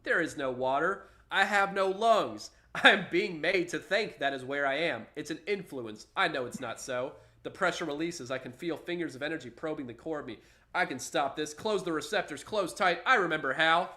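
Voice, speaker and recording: Brief: man reading as a male astral traveler; urgent, clipped, fragmented monologue, slightly high voice. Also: expressive, normal speed, pushed and bright. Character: male astral traveler, panicked then defiant.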